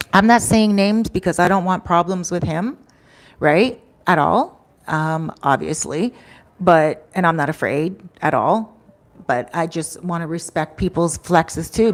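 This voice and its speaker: Woman vlogger, lower voice, chatty storytelling, acts out the people in her story. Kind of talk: casual storytelling to camera. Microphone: microphone.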